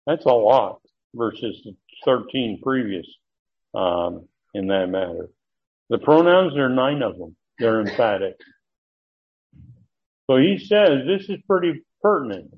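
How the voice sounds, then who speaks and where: A man teaching a Bible study, deliberate and emphatic, pausing often with fillers. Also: mid-range voice, sing-song. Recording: muffled lo-fi recording.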